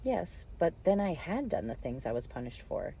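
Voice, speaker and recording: A woman voicing a polite, curious young girl who asks earnest questions slowly, reading a storybook. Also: sits low, sing-song, creaky, dark tone, a little hiss or hum, full character voice.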